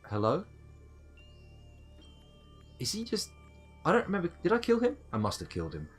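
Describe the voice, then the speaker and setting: A man's voice: a little high, wildly swooping pitch, moderate pace, soft background music. A middle-aged man giving chatty, playful live commentary on his game, talking to the creatures and to himself. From United Kingdom. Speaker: gaming streamer.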